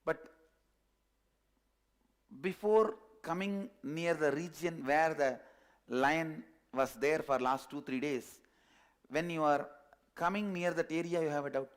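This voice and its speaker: A man's voice: on the high side, slow, long pauses. Man telling a parable with chuckles. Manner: animated storyteller, chuckles at his own jokes. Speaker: spiritual teacher. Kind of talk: parable in a spiritual discourse.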